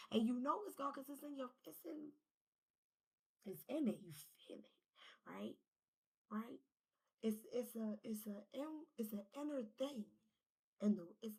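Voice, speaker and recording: A woman talks through a spiritual reading in a loose, animated way. Her voice is husky and sits a bit high, and she often drops into a breathy whisper before rising again. She speaks casually and swears now and then. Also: low-quality recording. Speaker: spiritual reader.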